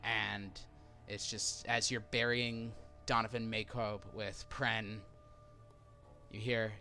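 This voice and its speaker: A man with a bright, forward voice narrates a tabletop game as dungeon master, moving briskly between scene and rules. Faint music plays low behind him. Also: level tone. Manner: brisk, plain narration with asides to players.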